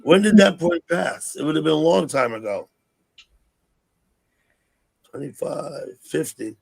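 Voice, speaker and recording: A sixty-year-old man hosting a casual livestream chat, rambling and thinking out loud. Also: on the high side, expressive, measured pace, vocal fry, breathy edge. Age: 60s. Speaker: livestream host.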